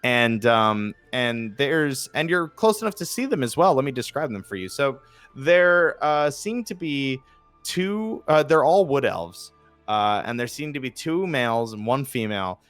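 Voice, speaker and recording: A man's voice: medium pitch, sing-song, measured pace, a bit bright, no room sound, soft background music. A man with a New Jersey accent narrating as game master, rambling with lots of fillers. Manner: rambling, many fillers, laughs often.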